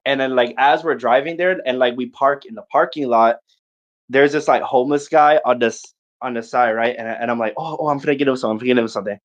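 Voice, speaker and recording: Young male podcaster, mid-pitch, casual and profane, animated storyteller, slightly dull lo-fi mic. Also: fast talker. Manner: animated, profane, quotes friends in short bursts.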